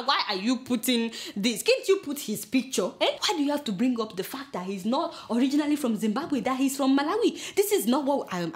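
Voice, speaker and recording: A woman with a Nigerian accent hosting a satirical news commentary, mocking and exclaiming and talking back to her crew. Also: high voice. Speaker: host.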